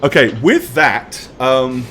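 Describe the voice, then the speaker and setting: A man narrating a tabletop game as game master, in an animated way with many ums. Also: medium pitch, slow pace, a little hiss or hum.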